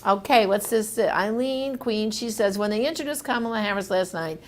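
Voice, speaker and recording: Animated woman reading viewer comments. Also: mid-range voice, normal speed. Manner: animated, emphatic, conversational. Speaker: host answering viewer comments. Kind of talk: casual live comment reading.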